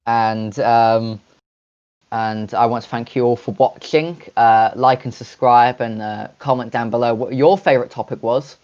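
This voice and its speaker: A man co-hosts a casual chat podcast, his delivery halting and full of pauses and restarts. The audio sounds dull and lo-fi. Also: medium pitch, fairly even intonation, a little mellow. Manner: halting, many fillers and restarts. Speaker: podcast co-host.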